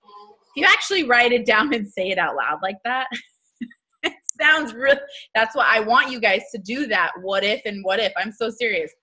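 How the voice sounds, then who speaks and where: Woman with a bright, punchy voice giving a pep talk to her sales team, blunt and slangy. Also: fairly high pitch, normal speed, husky. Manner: animated, acts out little scenes in quoted voices; blunt and chatty, with casual slang. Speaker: network marketing team leader.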